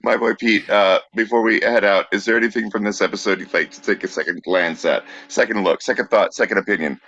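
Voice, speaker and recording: Low-voiced man podcast co-host, dry lo-fi sound. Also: steady tone, fast, a bit bright. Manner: dry, teasing, with plenty of fillers. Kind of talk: casual podcast banter and sign-off. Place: Brooklyn, New York.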